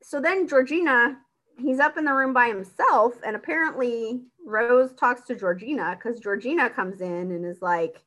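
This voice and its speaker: A woman's voice: a little high, normal speed, fairly bright tone. A woman in casual chat, recapping a film with a friend, agreeing often and acting out quotes from the characters. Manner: chatty, agreeing, frequent fillers, acts out quotes.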